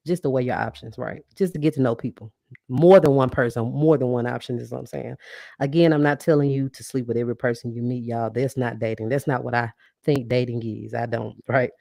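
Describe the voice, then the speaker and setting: A woman's voice: a bass voice, mellow, dry recording, studio quality. A woman hosting a live podcast, talking casually and animatedly to her listeners, often laughing and calling them y'all. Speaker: podcast host. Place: live stream reading comments.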